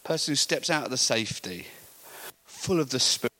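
A middle-aged man preaching a sermon, telling animated stories and laughing often. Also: mid-range voice, fairly quick.

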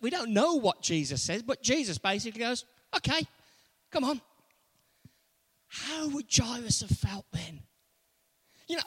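A man's voice: extremely high pitch, bright, forceful tone. A man preaching a sermon, retelling a story with emphatic repetition. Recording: long reverb of a large hall.

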